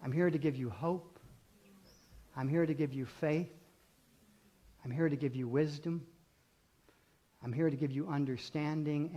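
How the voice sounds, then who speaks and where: A male pastor giving a sermon in rhythmic, repeated phrases, swinging between loud emphatic calls and hushed intimate lines, and leading his congregation in call and response. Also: on the high side, unhurried, pauses often, highs cut off.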